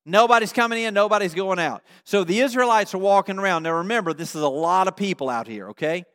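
A male pastor giving a sermon, telling a story with animated energy and checking in with his congregation through questions. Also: high-pitched, fast talker. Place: church. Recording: long reverb of a large hall.

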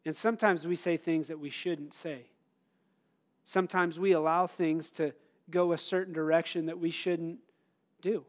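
Earnest man preaching, high-voiced. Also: steady tone, moderate pace. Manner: earnest and conversational, with self-mocking laughs. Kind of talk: sermon.

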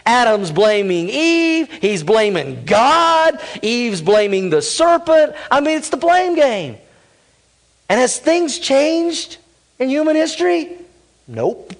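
Animated, high-voiced male pastor preaching. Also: slow pace, gravelly. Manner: animated, humorous, calls to the congregation. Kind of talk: sermon.

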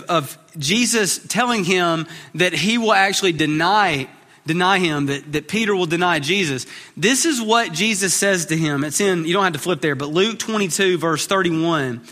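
A man's voice: high-pitched, bright, forceful tone, long reverb tail. A man preaching a sermon as pastor, earnest, often repeating words as he starts a phrase.

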